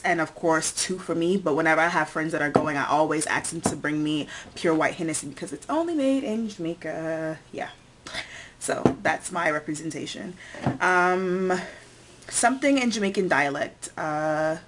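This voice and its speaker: A woman's voice: deep voice, a bit bright, a little hiss or hum. A young woman born in the United States, chatting casually in a tag video and listing things one by one with many fillers. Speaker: vlogger.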